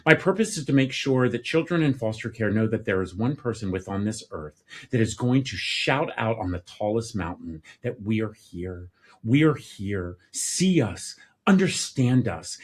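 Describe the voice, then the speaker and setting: Animated man telling personal stories. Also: fairly low pitch, husky. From United States. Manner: animated, acts out quoted dialogue. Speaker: podcast guest, nonprofit founder and author. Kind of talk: emotional storytelling.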